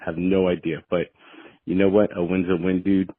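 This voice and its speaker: A man's voice: deep voice, little pitch movement, moderate pace, no echo. A tired man calling in to a sports show, talking in an easygoing way with frequent fillers. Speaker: caller. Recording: tinny phone line.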